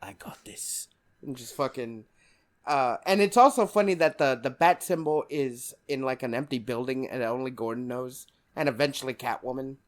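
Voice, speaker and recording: A man's voice: medium pitch, normal speed. A male podcast co-host talking casually about a film, rambling and laughing often.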